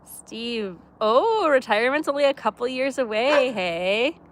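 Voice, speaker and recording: A woman hosting a casual livestream from her camper van, chatty and quick to laugh as she talks with viewers. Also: on the high side, expressive, slight background noise. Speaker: livestream host. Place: camper van by a wood stove.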